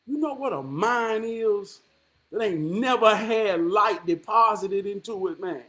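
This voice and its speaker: Man, high-pitched, very animated intonation, impassioned monologue, profane, preachy, rhetorical questions. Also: a little slow. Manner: repeats "man" as a filler.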